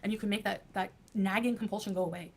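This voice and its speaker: Fast-talking streamer woman, chatty and defensive, faint hum behind. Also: mid-range voice, steady tone, a little mellow. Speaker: livestreamer. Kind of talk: chatty livestream.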